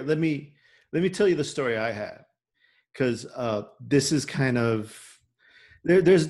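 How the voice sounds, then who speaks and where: A man hosting a podcast, telling a personal story in a casual, animated way, full of restarts and "right?". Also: medium pitch. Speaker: podcast host.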